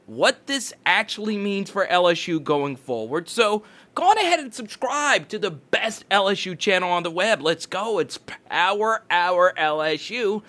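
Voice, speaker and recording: A man hosting a sports channel, giving energetic, fast-talking commentary and sometimes correcting himself mid-sentence. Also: high-pitched.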